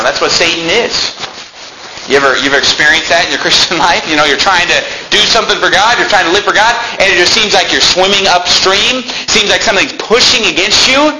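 A man's voice: high-pitched, noisy background. A man preaching a sermon in a church, reading scripture aloud and telling his listeners which words to underline. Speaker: pastor.

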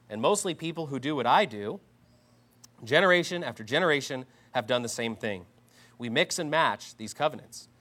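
A man preaching a sermon, combative and mocking, swinging between loud outbursts and low asides. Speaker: pastor.

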